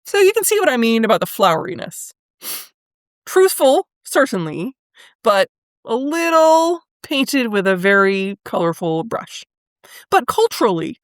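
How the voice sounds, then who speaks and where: A woman hosting a solo history podcast, talking in a thoughtful, conversational way, with fillers and pauses now and then. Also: mid-range voice, no echo, clean studio sound. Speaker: podcast host.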